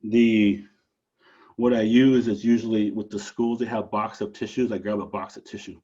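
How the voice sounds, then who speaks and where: A man from Alaska telling a traditional story aloud, animated, with dramatic rises and drops. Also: fairly low pitch, moderate pace, husky, lo-fi sound.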